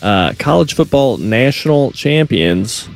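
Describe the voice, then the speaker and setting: A man's voice: mid-range voice, big pitch swings, a little slow, gravelly, faint music behind. A man, a video producer, chatting casually and a bit hesitantly on a sports show. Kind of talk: casual studio chat.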